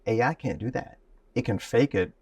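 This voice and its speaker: A man speaking as a guest and voice teacher in an interview, lively and demonstrative, often laughing. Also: mid-range voice, normal speed, husky, no room sound, far from the mic. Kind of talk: animated interview talk with spoken demonstrations.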